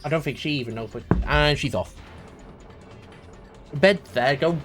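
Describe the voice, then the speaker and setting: A man's voice: a little high, a little slow, music in the background. A man chatting, teasing and swearing playfully during a live game stream. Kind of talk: casual live-stream chat.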